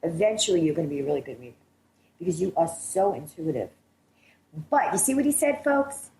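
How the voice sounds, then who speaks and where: Radio psychic host, woman, low voice, emphatic and earnest, echoey studio with faint hiss. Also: sing-song, fairly quick, dark tone. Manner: earnest, emphatic, laughs often. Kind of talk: radio talk show chat.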